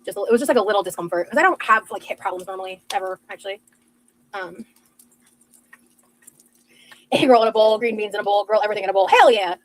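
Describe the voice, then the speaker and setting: A woman's voice: mid-range voice, quick pace, long pauses, slight background noise, poor audio. A young adult woman chatting casually on a livestream, gushing over viewers' comments with lots of fillers. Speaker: livestreamer reading chat. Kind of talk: casual livestream chat while cooking.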